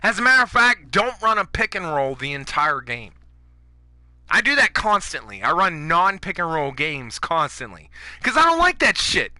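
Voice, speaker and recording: Man, gaming commentary rant: high, very bright voice, dry close mic, profane and heated. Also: very animated, moderate pace, no echo. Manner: profane, fired-up ranting. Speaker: gaming YouTuber. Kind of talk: ranting gameplay commentary.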